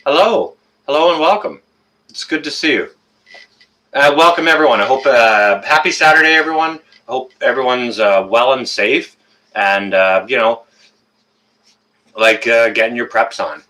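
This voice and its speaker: Greeting viewers one by one by name, this Canadian-accented livestream host chats casually on his webcam. He talks at a normal speed with frequent pauses, in a medium-pitched voice that sounds pushed and bright.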